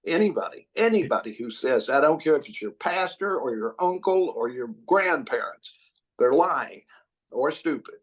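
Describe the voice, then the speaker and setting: A man's voice: on the high side, animated, normal speed, lo-fi sound. A man who is a returning podcast guest, ranting about politics with emphatic repetition and plenty of cursing. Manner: emphatic and profane, repeats phrases for force. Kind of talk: casual political chat.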